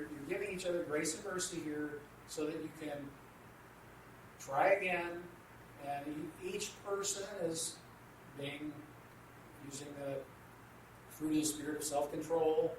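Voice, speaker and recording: A man with a fairly high, steady voice speaks at a moderate pace and pauses often. Co-hosting a Christian radio talk on marriage, he teaches a class earnestly with everyday examples, recorded distantly in a noisy, echoey room.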